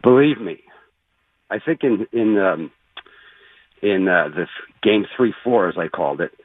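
Actor guest, husky voice, swinging pitch, heard over a phone-like line. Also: male voice, measured pace, dry recording. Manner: animated, showman-like storyteller. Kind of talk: casual radio interview.

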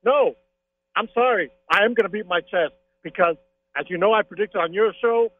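A high-pitched male caller comes through a tinny phone line. He rants with excitement about his team, stacking opinions and asides in casual call-in chat. His tone stays chatty and insistent. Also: normal speed, slight background noise. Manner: excitable, opinionated sports fan.

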